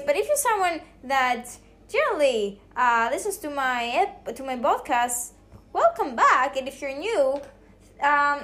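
A woman hosting her own podcast from her kitchen at home, talking in a rambling, halting way with many restarts, and emotional. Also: high-pitched, fairly bright tone. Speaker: podcast host. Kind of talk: casual solo podcast talk.

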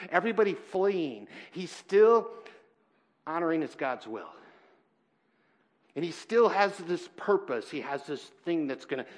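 Earnest male preacher, fairly high voice. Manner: earnest, halting, swings from loud emphasis to quiet. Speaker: pastor. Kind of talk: sermon. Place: church.

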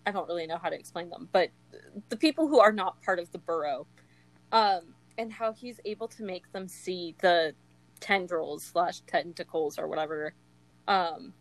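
A woman's voice: lowish voice, normal speed, dry recording, low-quality recording. A young woman chatting casually about a book she loves, gushing, laughing often and filling her talk with "like". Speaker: co-host of a book discussion. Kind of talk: casual chat.

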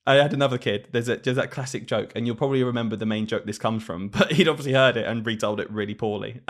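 A man's voice: mid-range voice, fast, few pauses. A man, co-hosting a podcast as a teacher, telling classroom stories in a casual chat and laughing often. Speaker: podcast co-host, primary school teacher.

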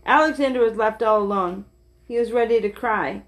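A woman reading a children's picture book aloud in a gentle, steady way, with small slips and restarts. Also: a little high, normal speed.

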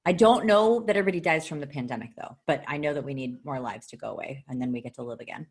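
A chatty woman with a notably low voice co-hosts a loose, casual talk show. She giggles often, swears freely and breaks into sudden bursts of excitement. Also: rapid-fire, slightly rough. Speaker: podcast co-host. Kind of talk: casual chat.

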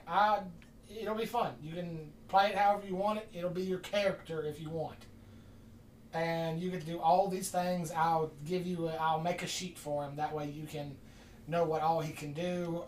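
A casual podcast storyteller who rambles and acts out every quoted exchange. The voice sits at a middle pitch and sounds roomy, picked up from a distance by the mic with faint ambience behind it. The delivery is loose and conversational. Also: a little hiss or hum. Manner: rambling, animated retelling with quoted dialogue. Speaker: podcast host. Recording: distant mic in an echoey room.

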